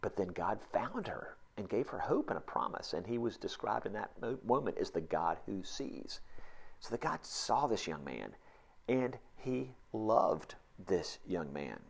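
A man preaching a sermon, emphatic and repetitive, sometimes dropping to a hushed near-whisper. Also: on the low side, very animated, moderate pace, gravelly, breathy edge. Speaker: pastor.

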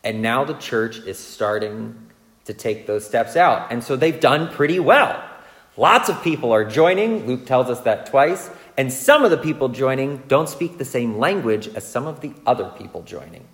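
A man's voice: medium pitch, sing-song, normal speed. A man preaching in a large church hall, his voice rising and falling a lot. He tells self-mocking stories and keeps checking in with the audience. A long reverb trails every phrase. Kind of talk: sermon.

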